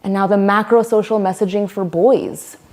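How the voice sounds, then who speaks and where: A woman's voice: mid-range voice, steady tone, normal speed, a little mellow, a little hiss or hum. A woman leading a voice workshop, speaking emphatically and demonstrating voices as she explains. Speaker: workshop leader. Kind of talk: teaching a voice workshop.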